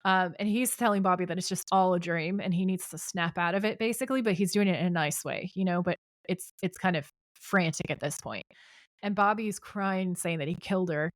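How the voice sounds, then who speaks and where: Low-voiced woman recapping, chatty. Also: fairly quick, no room sound, clean studio sound. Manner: retells scenes and reads out dialogue with chatty asides. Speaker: podcast co-host. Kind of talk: casual TV episode recap.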